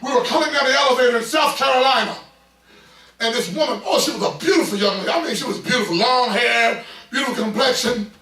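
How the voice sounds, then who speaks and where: A middle-aged man preaching a sermon as pastor, building into loud bursts and calling out to the congregation. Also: very high-pitched, fast, faint music behind. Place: church sanctuary. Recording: echoey church from far off.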